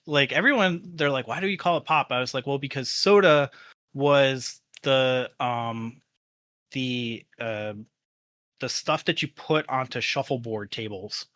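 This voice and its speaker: Bright-voiced rambling Midwestern guest man. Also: mid-range voice, takes it slowly, dry recording. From American Midwest. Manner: rambling, many fillers. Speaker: podcast guest, YouTuber. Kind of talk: casual interview chat.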